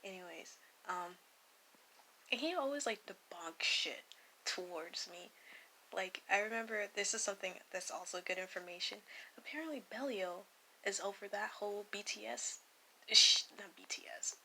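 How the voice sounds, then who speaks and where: A young woman casually telling a personal story to camera, animated and swearing freely, often dropping into hushed whispers. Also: mid-range voice, moderate pace, a little hiss or hum, rough recording. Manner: animated, profane, laughs often; slips into hushed whispers for emphasis. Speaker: vlogger recounting spiritual experiences.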